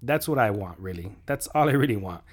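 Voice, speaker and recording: A man's voice: on the low side, lively intonation, brisk. A man chatting casually as a podcast co-host, rambling through ideas with jokes and frequent laughter. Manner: rambling, joking, laughs often. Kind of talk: casual chat.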